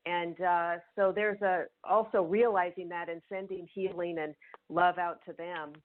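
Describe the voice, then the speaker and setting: A woman's voice: lowish voice, steady tone, measured pace. A middle-aged woman hosting a talk show, telling a personal story in a chatty way full of fillers and restarts. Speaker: host. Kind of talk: casual chat, personal storytelling. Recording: tinny phone-like line.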